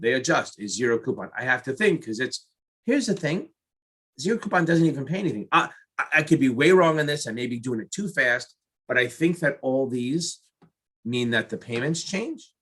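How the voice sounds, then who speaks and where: A man's voice: medium pitch, fairly bright tone, breathy edge. A middle-aged man tutoring for an exam, talking through practice questions aloud in a jokey, self-mocking way. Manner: jokey, self-mocking, talks to himself while solving.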